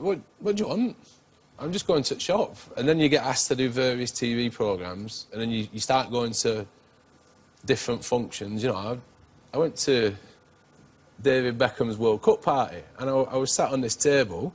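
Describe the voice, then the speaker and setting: A man's voice: mid-range voice, breathy edge. A middle-aged man, telling anecdotes as a guest in a TV interview and laughing often.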